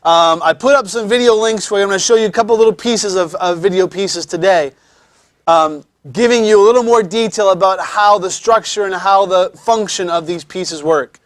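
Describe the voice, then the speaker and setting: A man teaching a classroom lecture, pausing often to explain in a conversational way and repeating his words. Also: sits high, dry recording.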